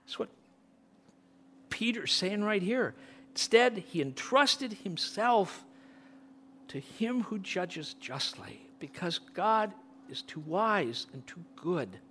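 A middle-aged male pastor preaching an impassioned sermon, swinging from loud peaks to near-whispers. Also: high voice, sing-song, takes it slowly, slight background noise.

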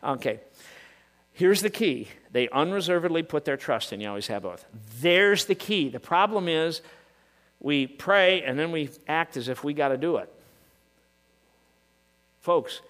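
Male pastor, lively and animated sermon delivery, hall reverb, light hum. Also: fairly high pitch, moderate pace, pauses often. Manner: impassioned, rising to shouts, rhetorical questions.

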